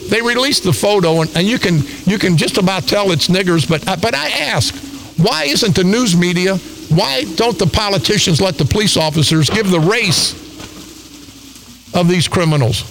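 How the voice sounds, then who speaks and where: A man's voice: high-pitched, normal speed, vocal fry, a bit bright, a little hiss or hum, low-quality recording. An older man hosting talk radio, delivering an angry, combative, repetitive rant.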